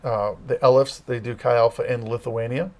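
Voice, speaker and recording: A man working as a campus ministry director, answering interview questions in a relaxed, conversational way and explaining things step by step. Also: mid-range voice, normal speed.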